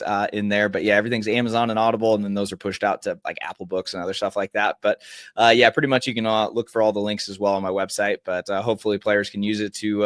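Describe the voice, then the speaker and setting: A man's voice: lowish voice, dry recording, clean studio sound. A young man, a mental golf coach and podcast guest, giving earnest, encouraging advice in casual chat with frequent "uh"s.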